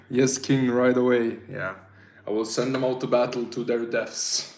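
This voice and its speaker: A tipsy Swedish man with a Swedish accent chats casually on a livestream, reading out the chat in a rambling, slangy, self-deprecating way. His voice is mid-pitched and fairly bright, a little slow, and the sound is reverberant.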